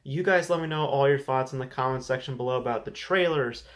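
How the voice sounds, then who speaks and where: Man, movie news host, casual chat, restarts words, candid opinions, mid-pitched voice. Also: fast, fairly bright tone. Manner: conversational, repeats and restarts words, frank opinions. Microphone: desk camera setup.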